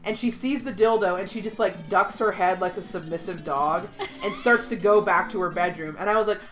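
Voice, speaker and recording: A woman telling a story in casual chat, animated, swearing freely and acting out what people said. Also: mid-range voice, fairly quick, faint music behind. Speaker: podcast host.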